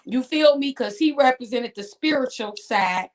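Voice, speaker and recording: A woman's voice: sits high, expressive, moderate pace. Emphatic woman making her point. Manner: emphatic, preachy, checks in with "you get what I'm saying". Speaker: podcast co-host. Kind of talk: casual group chat.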